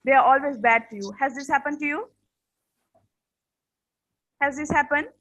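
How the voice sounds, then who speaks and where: Woman, teacher, classroom lesson, earnest, repetitive, high voice. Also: normal speed, fairly bright tone, poor audio. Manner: earnest, repetitive, keeps checking in with students.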